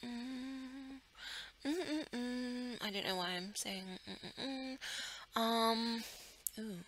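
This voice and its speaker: In a low-quality recording, a let's play host speaks slowly with a slightly high, fairly bright voice. She offers casual commentary full of giggles as she plays a life-sim game, musing aloud and often lowering to a whisper or murmur.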